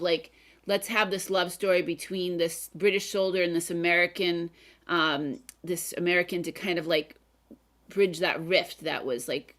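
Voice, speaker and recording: A woman hosting an English-learning channel, chatting casually with lots of "like" and "um". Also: on the low side. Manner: relaxed, many fillers like "like" and "um". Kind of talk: casual conversation.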